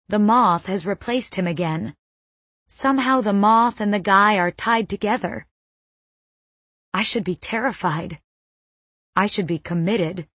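A woman reading a first-person novel as an audiobook narrator, in a measured, suspenseful manner on a close mic. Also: mid-range voice, no room sound.

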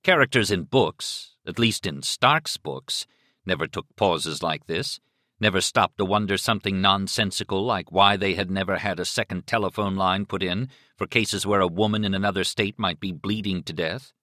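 A man narrating a novel as an audiobook in an expressive, dramatic reading style. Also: low-pitched, moderate pace, no echo, studio quality. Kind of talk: scripted narration.

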